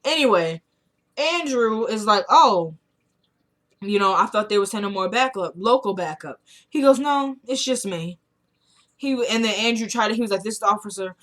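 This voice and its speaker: A woman talks through a recap of a TV drama episode in a relaxed, chatty way. She retells the scenes by voicing the characters' lines and breaks in with her own blunt opinions. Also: mid-range voice, moderate pace. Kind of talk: casual recap chat.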